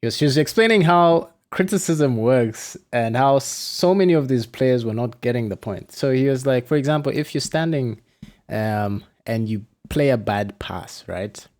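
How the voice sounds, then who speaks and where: A man hosting a casual podcast chat, telling stories with lively acted-out quotes and frequent laughs. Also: mid-range voice, normal speed. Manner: animated storyteller, acts out quotes, laughs often. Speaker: podcast host and flight instructor.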